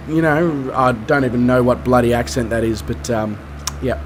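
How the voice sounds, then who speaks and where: This Australian streamer talks loosely with viewers while playing a flight game, poking fun at himself as he rambles. He speaks at medium pitch and a moderate pace with hardly any pauses, over a faint hiss or hum.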